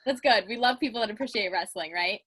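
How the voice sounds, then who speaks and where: A woman's voice: medium pitch, quick pace, a bit bright, husky. Chatty young woman, Pittsburgh accent. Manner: chatty, bubbly, laughs often, peppered with "like". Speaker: interview host. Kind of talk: casual interview chat.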